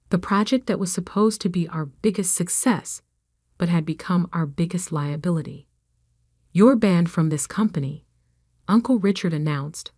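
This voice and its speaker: Low-voiced woman narrating a story. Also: darkish tone, no room sound, studio quality. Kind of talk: scripted first-person story narration.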